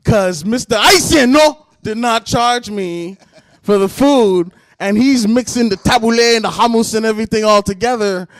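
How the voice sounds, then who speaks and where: A man, a comedian guest, telling an animated, profane story on a talk show. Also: sits high, moderate pace. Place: studio.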